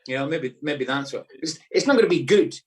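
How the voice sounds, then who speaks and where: Animated man, a bit off-mic. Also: a little high, a little fast, distant mic, low-quality recording. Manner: lively, acts out characters in silly voices. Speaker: guest comedian. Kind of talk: casual chat.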